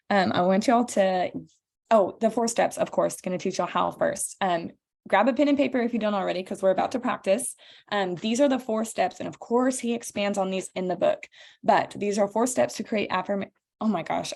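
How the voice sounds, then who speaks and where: A woman's voice: mid-range voice, vocal fry, darkish tone. A woman leading a team call over video, giving an earnest, encouraging motivational training talk. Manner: earnest, encouraging, addresses listeners as "y'all". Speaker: team leader hosting a call.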